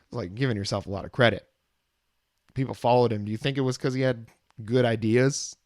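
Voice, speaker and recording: A man's voice: medium pitch, steady tone, brisk, darkish tone, no room sound, clean studio sound. A man co-hosting a casual music podcast, talking in a laid-back, rambling way. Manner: laid-back, rambling, many fillers and restarts. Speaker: podcast co-host. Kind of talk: casual album review chat.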